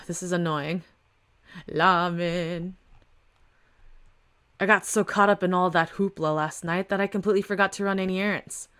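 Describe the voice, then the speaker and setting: Quiet, guarded young vampire man, slightly low and hesitant, read by a woman. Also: steady tone, a little fast. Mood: weary. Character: reluctant young male vampire, reserved and wary.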